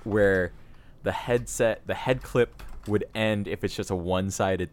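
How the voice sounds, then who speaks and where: Man, low voice, podcast co-host, relaxed, agreeable, casual chat. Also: a little slow, slight background noise. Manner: relaxed, lots of fillers and agreeing asides.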